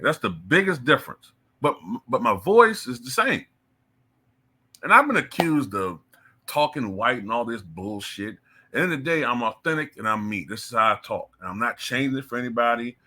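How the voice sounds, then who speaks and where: A man's voice: mid-range voice, bright, forceful tone, slightly rough. A man giving blunt, heated opinion commentary as the channel's host, cursing freely. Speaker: political commentator.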